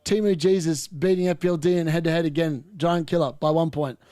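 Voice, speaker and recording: A man hosting a live football watchalong, commenting on play and ranting opinions, getting excitable and yelling at chances. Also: fairly high pitch, brisk, no echo, studio quality. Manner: excitable, yells at chances on screen. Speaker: host of a fantasy football watchalong.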